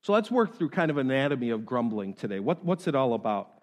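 Male pastor preaching with wide pitch swings, recorded in a reverberant hall. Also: very animated, fast. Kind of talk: sermon.

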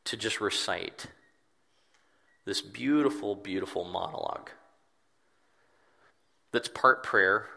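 Earnest male pastor, bright tone. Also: on the low side, slow pace, creaky, long pauses. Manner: earnest, reflective, repeats words for emphasis. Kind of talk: sermon.

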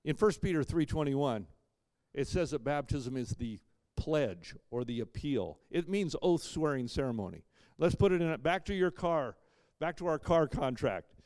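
With a fairly high, animated voice and a moderate pace, a pastor preaches emphatically, swinging from loud, punchy lines to soft asides spiced with dry wit. There is no room sound in the recording.

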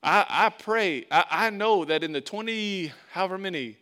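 A pastor delivers a conversational sermon, his voice pitched slightly high for a man. He leans into emphatic, louder phrases, then drops into quiet, intimate asides. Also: normal speed. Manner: conversational preaching, rising to emphatic bursts then dropping soft.

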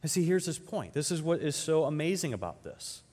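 Pastor preaching in a long-echoing hall. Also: male voice, a little high, sing-song. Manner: conversational preaching with repeated rhetorical questions; swings between loud emphatic peaks and quiet slowed phrases. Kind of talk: sermon.

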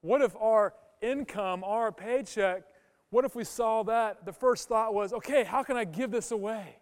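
A male pastor with a high, smooth voice delivers an emphatic sermon. He keeps putting questions to his congregation. His words ring out with a long reverb through a church hall. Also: measured pace. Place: church sanctuary.

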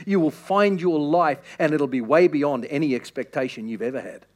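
A man preaching a sermon with impassioned, repeated appeals that swing from loud to hushed. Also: a little high, moderate pace, hardly any pauses.

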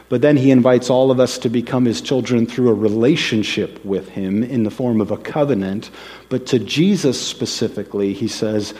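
A man preaching a sermon in a church, telling stories in a relaxed conversational way and acting out quoted voices. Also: medium pitch. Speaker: pastor. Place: church sanctuary. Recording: long hall reverb.

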